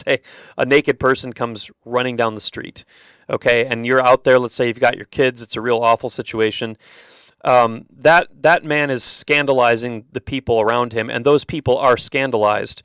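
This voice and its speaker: A man's voice: medium pitch, fairly even intonation, normal speed, a bit bright, clean tone, dry recording, studio quality. A man hosting a religious radio show, explaining a moral teaching in a conversational way, with fillers and small laughs and passages read aloud. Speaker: radio host. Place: radio studio.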